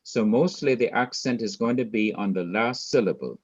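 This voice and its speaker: A man from Jamaica teaching a Hebrew grammar class online, explaining slowly and repeating his points. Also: lowish voice, slightly rough, muffled recording. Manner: slow, patient, repeats points.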